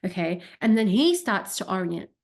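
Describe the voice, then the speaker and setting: A woman's voice: medium pitch, very animated, moderate pace, vocal fry. A woman coach gives an educational talk and demonstrates by voicing her body sensations aloud. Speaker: wellness coach.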